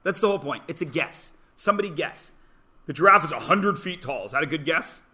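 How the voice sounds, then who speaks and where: A bright, fairly high-pitched man teaching a math lesson in a classroom. He talks casually, cracks jokes at his own expense, and keeps nudging quiet students to take a guess. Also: expressive, brisk. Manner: joking, self-deprecating, prodding students to guess. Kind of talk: classroom lecture.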